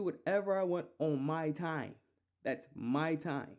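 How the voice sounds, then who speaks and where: A man's voice: on the high side, expressive, slow, darkish tone. A man hosting a solo podcast, ranting heatedly and profanely, repeating himself. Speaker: podcast host.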